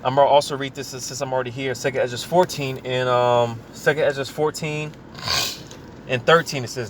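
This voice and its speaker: A man preaching informally, reading scripture aloud slowly and talking casually, often saying "man" and "you know" between thoughts. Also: mid-range voice, fairly even intonation, a little hiss or hum. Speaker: scripture teacher.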